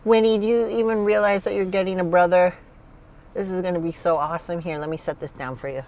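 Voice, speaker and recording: A young woman vlogger chatting casually, excitable, laughing often and gushing over her pets. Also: on the low side, fast talker. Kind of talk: casual vlog chat.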